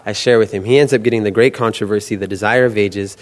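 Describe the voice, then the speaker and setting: A young man giving an animated testimony, acting out the voices in his stories. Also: on the low side, quick pace. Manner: animated storytelling, acts out quoted voices. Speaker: student book canvasser. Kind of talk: testimony talk. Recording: long hall reverb.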